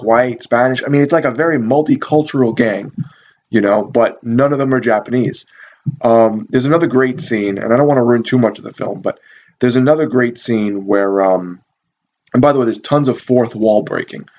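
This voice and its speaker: A man's voice: medium pitch, normal speed, a little mellow, muffled recording. A man casually reviewing a cult movie, rambling and swearing with lots of fillers and amused asides. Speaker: video reviewer.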